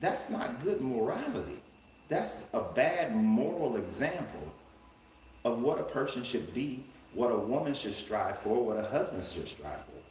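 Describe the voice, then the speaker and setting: Male livestream host, emphatic and colloquial, mid pitch, roomy sound. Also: very animated, unhurried, darkish tone, far from the mic. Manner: emphatic, colloquial, with rhetorical questions. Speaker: life coach and livestream host. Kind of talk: live-streamed Bible commentary. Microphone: livestream setup. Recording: roomy room with faint background noise.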